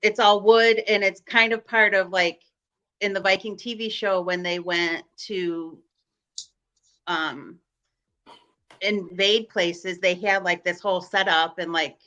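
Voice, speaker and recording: A woman's voice: mid-range voice, steady tone, slow pace, pushed and bright, highs cut off. A woman with a Chicago accent, a guest on a live-streamed video call, telling rambling stories full of fillers and restarts. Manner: rambling, filler-heavy storytelling. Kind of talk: casual chat on a live stream.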